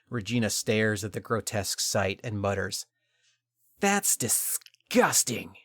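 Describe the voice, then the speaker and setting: A man's voice: medium pitch, dry recording, studio quality. A male podcast host retelling a video game's story, with dramatic storytelling and jokey asides.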